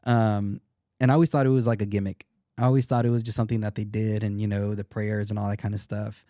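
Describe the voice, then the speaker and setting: A man's voice: on the low side, little pitch movement, fast talker, mellow, no echo, clean studio sound. A man in his thirties, a podcast guest, talking earnestly and reflectively, often restarting his sentences. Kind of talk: casual interview talk.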